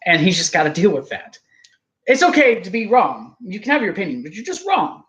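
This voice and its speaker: A man's voice: sits high, big pitch swings, a little fast, a bit bright. A man hosting a wrestling review show, rambling and teasing his co-host in casual chat.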